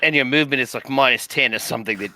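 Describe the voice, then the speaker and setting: A man's voice: mid-range voice, very fast, sharp tone, dry recording. A man playing a tabletop game with friends, joking and brash. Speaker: player. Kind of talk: casual tabletop play.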